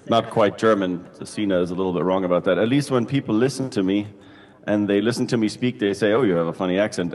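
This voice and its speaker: A man's voice: on the low side, in a large hall. A man introducing a song he is about to play, chatty and self-mocking, in a casual stage introduction.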